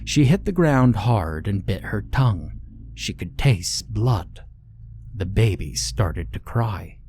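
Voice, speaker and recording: A man reading a horror story aloud in slow, measured scripted narration. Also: on the low side, animated, darkish tone, slight background noise.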